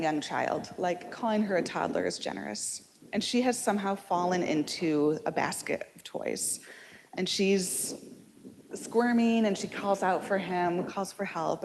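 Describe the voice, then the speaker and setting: A woman's voice: on the low side, a little mellow. A woman giving a public lecture, casual and self-deprecating, with many fillers and restarts. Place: lecture hall. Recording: reverberant hall, audible background noise.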